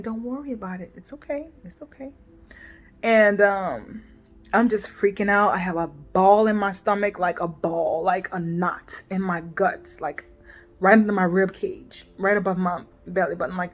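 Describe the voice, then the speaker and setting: A woman in her forties talking through a painful family rift in a personal vlog, emotional and halting, often restarting and trailing off softly. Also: medium pitch.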